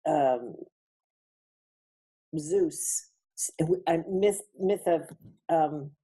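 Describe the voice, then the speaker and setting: A woman's voice: on the low side, mellow, breathy edge. A woman giving a spiritual lecture over a webinar, reflective, repeating phrases for emphasis. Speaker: featured speaker.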